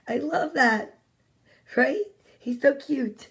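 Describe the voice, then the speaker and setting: A woman's voice: high voice, slow. A woman reading children's picture books aloud at home, chatty and playful, breaking off into side comments and whispers. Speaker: children's story reader.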